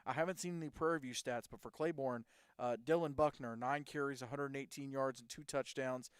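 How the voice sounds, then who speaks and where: A man hosts a casual high school football talk show, his voice smooth and resonant at an ordinary middle pitch. He rambles through game recaps and reels off player stats. The sound is close and dry. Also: fairly even intonation, brisk, no echo. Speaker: host.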